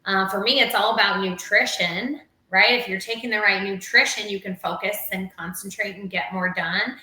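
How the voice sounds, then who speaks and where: Woman, doctor guest, bright voice, chatty and rambling, echoey room. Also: mid-range voice, fairly even intonation, normal speed. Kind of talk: casual live-stream chat.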